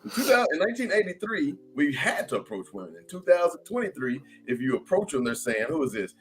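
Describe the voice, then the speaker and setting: A man's voice: fairly high pitch, big pitch swings, fast talker, a bit bright, faint music behind. A middle-aged man, hosting a casual panel chat and reading viewer comments aloud. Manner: laid-back, reads viewer comments aloud. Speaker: podcast host.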